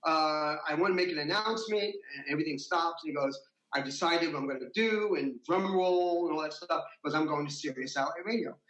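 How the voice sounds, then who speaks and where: A man, an interview guest, telling a story in a casual, animated way, his voice rising high when he gets worked up. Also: a little fast, reverberant, dull audio.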